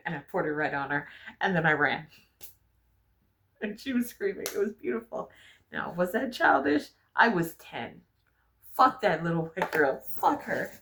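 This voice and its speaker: A young adult woman vlogging, telling personal stories in a frank, animated way and swearing freely. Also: on the low side, a little hiss or hum. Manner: frank, profane, animated storyteller. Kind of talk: candid personal storytelling.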